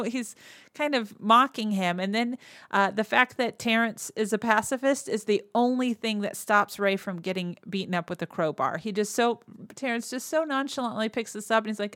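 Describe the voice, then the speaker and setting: A woman hosting a podcast, casually retelling a movie's plot, laughing often and slipping into quick quoted lines. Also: mid-range voice, fairly bright tone, dry recording, studio quality. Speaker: podcast host.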